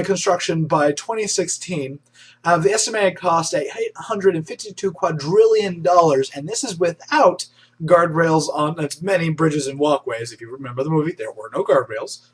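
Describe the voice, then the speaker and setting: A young man runs through the day's news in a loose, chatty way, full of restarts and fillers, getting visibly excited about his stories. His voice sits a little high and has a husky edge. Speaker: host of an online news show. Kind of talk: casual news roundup.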